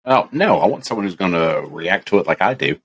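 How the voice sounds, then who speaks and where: A man's voice: deep voice, animated, a little fast. A man co-hosting a podcast in casual chat, making dry, wry quips. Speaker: podcast co-host.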